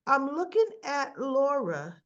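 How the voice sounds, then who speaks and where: A woman's voice: high voice, sing-song, slow pace, a bit bright, highs cut off. A woman chatting casually and with strong opinions as she recaps a soap opera, acting out the characters' lines as she goes. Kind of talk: casual chat.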